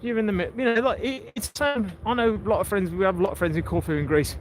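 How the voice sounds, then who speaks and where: Walking a coastal town street with a handheld phone, a chatty man livestreams, cracking jokes and warmly greeting passersby. His voice is high-pitched and quick. Street noise, general ambience, and passing vehicles fill the outdoor recording.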